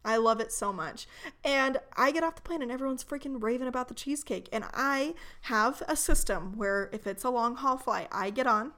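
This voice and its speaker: A young woman co-hosting a casual chat, telling travel stories with animated, mock-outraged humor. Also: on the high side, normal speed. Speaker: podcast co-host.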